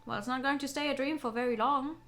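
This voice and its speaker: A woman voicing a brisk, teasing young maid who bosses her roommate around. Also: high voice, steady tone, creaky, a bit bright. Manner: brisk, scolding, bossy.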